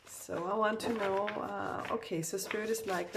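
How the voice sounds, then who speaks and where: A woman's voice: medium pitch, very animated, unhurried, gravelly, few pauses, background noise. A woman doing a casual oracle card reading, groggy from just waking up and talking hesitantly with many fillers and self-corrections.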